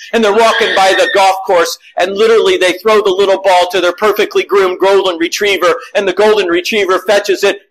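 A man's voice: high voice, low-quality recording. A middle-aged man preaching a sermon, telling family stories and acting out the voices of the people in them. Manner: animated storytelling, acting out quotes.

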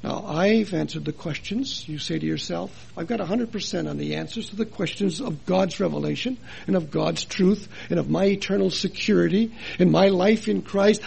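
A man preaching a sermon, his high voice heavy with gravel and a husky edge. He talks earnestly and asks his listeners many rhetorical questions, swinging between loud and soft for emphasis. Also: moderate pace, hardly any pauses. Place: chapel.

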